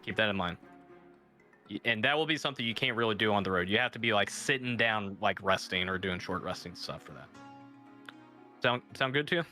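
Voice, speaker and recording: A man's voice: lowish voice, lively intonation, a little fast, bright, forceful tone, faint music behind. A man narrating a tabletop game as game master, rambling with fillers and restarts.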